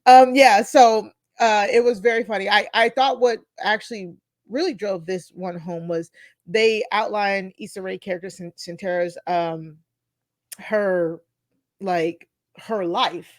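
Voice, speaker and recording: A woman's voice: mid-range voice, steady tone, a little slow, dry recording, studio quality. A woman co-hosting a casual podcast film review, rambling through her thoughts and laughing often. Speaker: podcast co-host.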